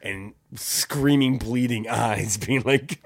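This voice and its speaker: A man casually telling a rowdy story on a podcast, swearing freely and jumping into high-pitched voices when quoting people. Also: slow pace. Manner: animated, swearing, acts out voices with big pitch jumps. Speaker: podcast co-host.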